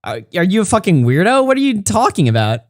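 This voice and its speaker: A man's voice: high voice, huge pitch swings, quick pace, no room sound, studio quality. A man streaming, reacting to a critic's video with mocking, sarcastic, heavily profane commentary. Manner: mocking, sarcastic, heavy swearing.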